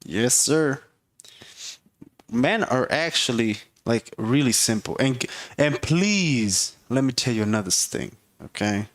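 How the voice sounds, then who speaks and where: This man hosts a casual, comedic rant full of dating and relationship advice, speaking bluntly and with profanity while hammering home each point with "okay?" His voice is medium in pitch, expressive, and slow.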